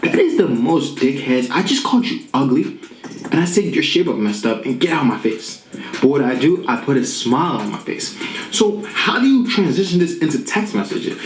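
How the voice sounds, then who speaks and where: A man giving dating advice to the camera in a playful, animated way, tagging "okay?" and "right?" onto his points. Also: fairly high pitch, normal speed, reverberant, soft background music, rough recording. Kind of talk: instructional talk to camera.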